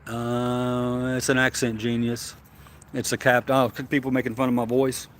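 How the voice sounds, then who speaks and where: A man's voice: medium pitch, completely flat delivery, unhurried, slight background noise. Tennessee-drawl man rambling on a livestream. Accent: Southern US, Tennessee. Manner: rambling, stammering restarts. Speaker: livestream host. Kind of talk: casual livestream chat reading comments.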